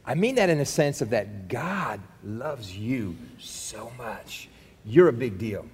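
A man's voice: medium pitch, animated, takes it slowly, darkish tone, slightly rough, big-room sound. A man preaching a sermon in a conversational, rambling way with many restarts. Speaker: pastor.

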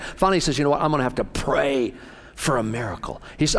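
Excitable folksy male preacher in a hall. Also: fast. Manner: folksy, excitable preaching with sudden rises in pitch and volume. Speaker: pastor. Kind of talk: sermon.

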